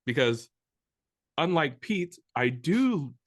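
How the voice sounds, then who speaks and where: Podcast co-host, man, lively pitch, dry close sound, chatty and plain-spoken. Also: takes it slowly, dry recording. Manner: reads listener questions aloud plainly, no put-on accents. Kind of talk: casual podcast chat.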